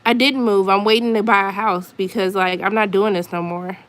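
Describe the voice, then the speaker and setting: A woman's voice: mid-range voice, fairly even intonation, fairly quick, a bit bright. A woman chatting casually on a live stream from her apartment, venting in an exasperated way with lots of asides. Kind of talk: casual chat to viewers.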